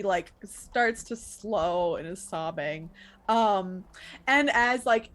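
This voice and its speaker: A young woman narrating as a tabletop game master, casual and full of fillers and quick asides. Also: medium pitch, a bit bright.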